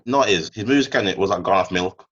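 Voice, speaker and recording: Young male co-host, deep-ish voice on a muffled mic, blunt jokey banter. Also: quick pace, fairly bright tone, a little hiss or hum. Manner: blunt, joking, slang-heavy. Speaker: podcast co-host. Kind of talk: casual chat. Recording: dull lo-fi sound.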